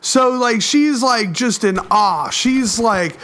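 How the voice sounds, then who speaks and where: A young man telling a story in a slangy, profane, animated storytime vlog over gameplay. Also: very high voice, normal speed, hardly any pauses.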